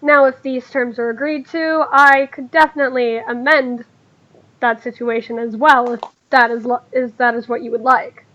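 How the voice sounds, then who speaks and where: Woman playing a high-voiced, formal scheming crime boss, dull lo-fi recording. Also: level tone, normal speed, bright, forceful tone. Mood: reassuring. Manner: smooth, formal and dismissive. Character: calm scheming male crime boss in a wheelchair.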